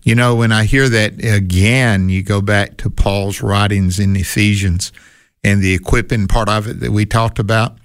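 A man's voice: lowish voice, fairly even intonation, moderate pace, clear, resonant tone, no room sound, studio quality. A man co-hosting a casual Bible teaching chat who likes to pose rhetorical questions. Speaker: co-host.

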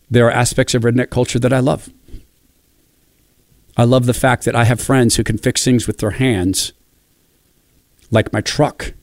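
A middle-aged man from Spokane in a reflective monologue, telling animated stories and acting out quoted voices. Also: mid-range voice, dry recording, clean studio sound. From Spokane, Washington, USA.

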